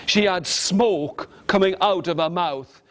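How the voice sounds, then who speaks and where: A man telling a fairy tale to children with animated, rhythmic repetition, coaxing his listeners to join in. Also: sits high, takes it slowly. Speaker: storyteller. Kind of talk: interactive storytelling to children.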